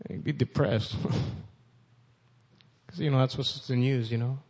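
A man's voice: medium pitch, fairly even intonation, takes it slowly, a little mellow, breathy edge. A man preaching a sermon, reading scripture aloud with rising force and speaking directly to his listeners. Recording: dull sound with long reverb.

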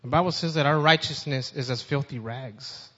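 A man's voice: mid-range voice, moderate pace, pushed and bright. A man preaching a sermon, reading scripture aloud with rising force and speaking directly to his listeners. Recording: dull sound with long reverb.

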